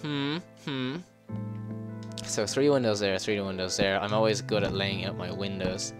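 A man giving casual gameplay commentary, excitable, swearing and laughing as he plays. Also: on the low side. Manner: excitable, swears and laughs, quick yelps when startled. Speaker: let's play gamer.

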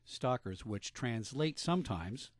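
A man's voice: medium pitch, expressive, a little slow, dry recording, clean studio sound. A man hosting a radio talk show, chatting casually and joking, with many fillers.

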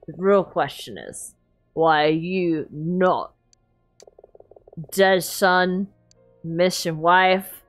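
A woman voicing a drunk, gruff male innkeeper who is bitter and weary, in a slow, slurred put-on voice. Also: fairly low pitch, faint music behind, voice pushed down.

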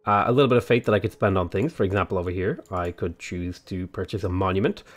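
A man with an Australian accent casually talking through a strategy game tutorial, explaining his moves in a relaxed way. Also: sits low, quick pace, soft background music. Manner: relaxed, explanatory, frequent "uh" and "go ahead". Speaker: gaming YouTuber.

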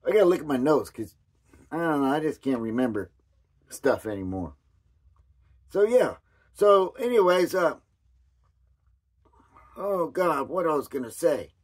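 A hoarse man talks through a loose, rambling commentary, wandering off mid-thought and doubling back. His voice sits a little higher than most men's. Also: animated, moderate pace, long pauses. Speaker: commentary vlogger.

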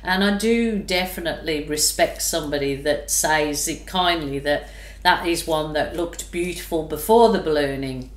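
Gushing slow-talking woman painter. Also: deep voice. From Australia. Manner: gushing, exclamatory, drawn-out delight. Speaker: fluid art painter. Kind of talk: casual narration while painting. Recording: echoey room.

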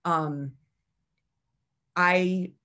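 A woman's voice: on the low side, fairly even intonation, drawn-out words, sharp tone, smooth. A middle-aged woman giving a candid, chatty talk about her own journey, laughing often. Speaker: speaker. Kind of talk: personal story talk.

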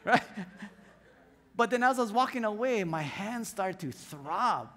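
A man's voice: sits high, expressive, measured pace, bright, forceful tone, in a large hall, a little hiss or hum. A man preaching a sermon, telling a story and acting out scenes and sound effects as he goes. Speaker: pastor. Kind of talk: lively sermon with stories. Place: church hall.

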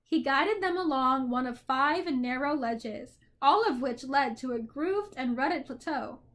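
A woman reading a children's novel aloud with expressive storytelling. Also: sits high, unhurried. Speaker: narrator.

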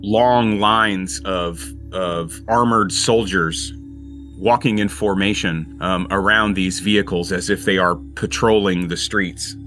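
A man narrating a tabletop game as game master, describing scenes slowly with frequent "um"s. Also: sits low, fairly even intonation, bright, forceful tone, soft background music.

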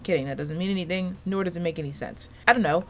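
A woman's voice: fairly low pitch, quick pace, a bit bright, soft background music. A woman in her twenties doing casual let's-play commentary from a small room, rambling and self-deprecating, swearing often. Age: 20s. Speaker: gaming YouTuber. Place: small room with a fan running.

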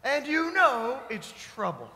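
A man with a high, bright voice delivers a sermon, moving from scripture reading into a homely story. He talks to the congregation in a conversational way and asks them questions. The voice carries a long reverb from the church hall. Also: huge pitch swings, measured pace. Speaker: pastor. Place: church sanctuary.

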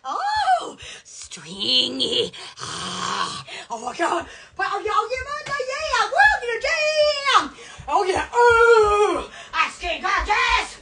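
A woman's voice: very high-pitched, huge pitch swings, slow, sharp tone, a little hiss or hum. A woman hosting a silly live stream, goofy and squealing, laughing a lot. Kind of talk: silly improvised live chat.

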